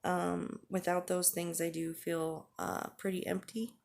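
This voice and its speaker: A woman in her forties talking candidly to the camera in a halting, earnest way, with frequent pauses and fillers. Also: on the low side, level tone, vocal fry, a little mellow, slight background noise. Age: 40s. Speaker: vlogger. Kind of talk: candid personal vlog talk.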